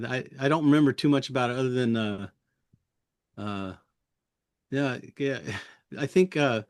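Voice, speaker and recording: A man's voice: medium pitch, no echo. Dry-sounding man, chuckling puppeteer. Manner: friendly, chuckling, halting with fillers. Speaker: guest puppeteer. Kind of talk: interview reminiscing.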